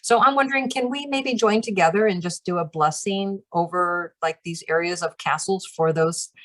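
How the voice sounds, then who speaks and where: A woman's voice: on the low side, moderate pace, a bit bright. A woman leading a channeling practice group who talks in a casual, chatty way, with many fillers and light laughs.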